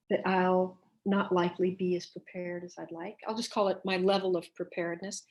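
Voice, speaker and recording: Woman leading a workshop body exercise, calm step-by-step instructions, lots of pauses. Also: fairly low pitch. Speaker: workshop presenter. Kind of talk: guided body-awareness exercise.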